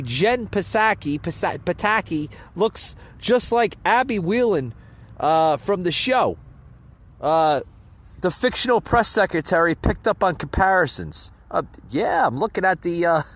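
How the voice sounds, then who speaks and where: A man's voice: fairly high pitch, fairly bright tone. A man hosting his own podcast, giving casual political commentary with a rambling, stumbling delivery, stopping to laugh and to scoff. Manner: scoffing, opinionated. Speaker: podcast host. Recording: faint traffic noise behind. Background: faint car noise passing by.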